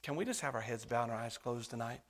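A male pastor preaches a sermon, calling the congregation "folks" and swinging from hushed whispers to loud, emphatic appeals. His voice is medium-pitched and fast.

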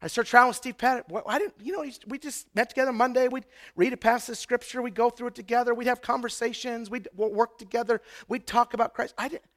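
A middle-aged man from Idaho preaching a sermon, telling personal stories and building to loud, emphatic bursts. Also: extremely high pitch, steady tone, fast talker, hardly any pauses. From Idaho, USA. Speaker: pastor.

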